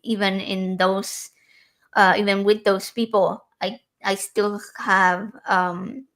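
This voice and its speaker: A woman's voice: medium pitch, level tone, slow pace, a bit bright. A woman talking earnestly and personally in a casual podcast conversation, with frequent fillers and restarts.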